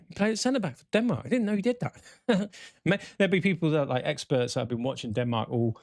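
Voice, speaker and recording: A man's voice: on the high side, brisk, no echo, clean studio sound. A man hosting a casual football chat show, ranting with exasperation and the odd swear word. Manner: animated, swearing, exasperated rants. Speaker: podcast host.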